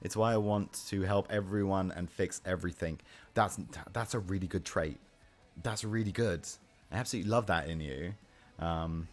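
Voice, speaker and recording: A young man streaming live, chatting casually with his chat, answering questions and swearing offhand. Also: on the low side. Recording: faint music in the background. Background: faint music.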